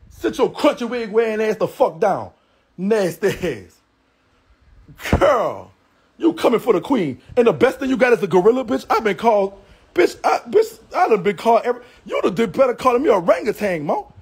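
A live streamer rants brashly and profanely, trash-talking in a Southern US accent and laughing often. His high, sing-song voice has a breathy edge and moves at a moderate pace.

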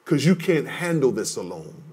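A male pastor preaching a sermon, emphatic and repetitive, dropping from loud declarations to hushed words. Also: medium pitch, big pitch swings, normal speed, breathy edge. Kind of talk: livestreamed sermon teaching.

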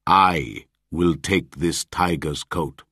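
A man voicing an angry, greedy old village hunter in a storybook, giving loud, gruff commands. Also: rumbling low, slow pace, dry recording, studio quality, full character voice.

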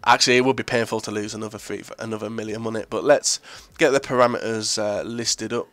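Young man, gameplay commentary, crisp voice, close dry sound, blunt swearing. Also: lowish voice, steady tone, fast, dry recording. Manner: blunt, swears freely, sudden loud outbursts. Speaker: gaming video creator.

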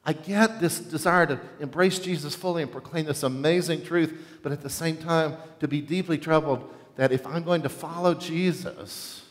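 A male pastor preaching a sermon in a church, animated and often asking the congregation questions. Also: fairly high pitch, normal speed, big-room sound. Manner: animated, asks the congregation questions, acts out quotes. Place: church sanctuary.

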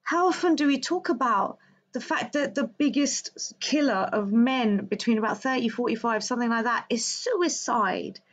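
A woman's voice: a little high, moderate pace. Woman, livestream host, casual emphatic monologue to viewers, dull lo-fi sound. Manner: passionate, emphatic, talks to viewers directly. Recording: slightly dull lo-fi audio.

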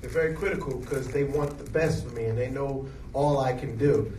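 A man in his forties, an actor being interviewed, telling stories in an animated, jokey way. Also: medium pitch, fairly quick. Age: 40s. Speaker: actor guest. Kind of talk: casual interview. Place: event hall with an audience. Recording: echoey hall, distant mic, noise.

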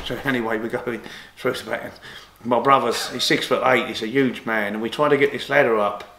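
A man's voice: medium pitch, fairly even intonation, fairly quick, pushed and bright, roomy sound. A man, an interview guest telling long rambling stories with many restarts, livening up when he quotes others. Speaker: interview guest, former boxer and golfer. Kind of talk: casual storytelling interview.

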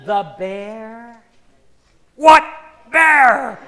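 A man acting out a hundred-year-old backwoodsman who rambles through his tall tales in a folksy drawl and cackles as he goes. His voice is high and bright. He is a stage comedy figure who gets lost in his own story. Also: lively intonation, extremely slow, full character voice. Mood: confused, excited. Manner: cackling, repeats the same yarn.

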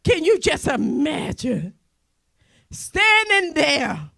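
A woman evangelist preaching with fervor, her voice bright and forceful with a gravelly fry. She shouts her points and breaks into exclamations of hallelujah. Her delivery swings between loud cries and quieter asides. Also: sits high, sing-song, drawn-out words, no room sound. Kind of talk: fervent sermon.

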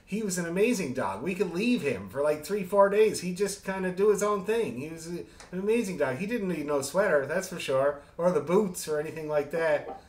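A man's voice: high-pitched, lively intonation, brisk. A man leading an online music rehearsal, chatting casually and telling rambling, joking stories. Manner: rambling storyteller, friendly and joking. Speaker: orchestra leader. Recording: echoey room.

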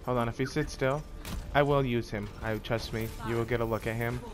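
A man giving loose, profane, casual commentary while playing a video game, with sudden loud outbursts. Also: medium pitch, steady tone, brisk, music in the background. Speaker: gameplay commentator. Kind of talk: casual let's-play commentary.

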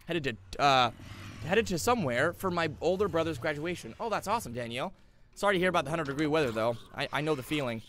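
A man's voice: fairly high pitch, fast, a little hiss or hum. A young man live-streaming a survival game, chatting with his viewers and yelping when things go wrong. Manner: excitable, yelps and laughs at danger, chats to viewers. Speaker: gaming streamer. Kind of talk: live-stream gameplay commentary.

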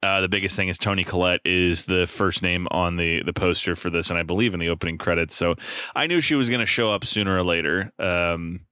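A man's voice: low-pitched, fairly even intonation, a little fast, sharp tone, clean tone, no room sound, studio quality. A man co-hosting a casual film podcast, chatting and reading out a plot summary. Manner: conversational, reads plot summary aloud. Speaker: podcast co-host.

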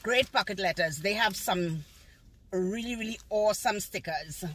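A woman's voice: mid-range voice, normal speed, a bit bright, slight background noise. An older woman, a grandmother, showing off her shopping haul in a gushing, repetitive way from her car. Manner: gushing, repeats praise words. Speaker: haul vlogger. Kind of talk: casual haul video, showing items. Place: outdoors in a car on a sunny day.

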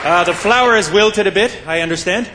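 A man's voice: sits high, brisk, reverberant, heavy background noise. A man from Quebec doing stand-up comedy on stage, chatty and punchy, talking straight to the crowd. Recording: live club with audience.

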